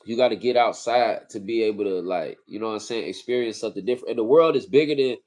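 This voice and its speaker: A man's voice: fairly low pitch, quick pace, a little mellow. A man from California co-hosting a casual livestream, talking earnestly and often repeating phrases. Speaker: livestream co-host.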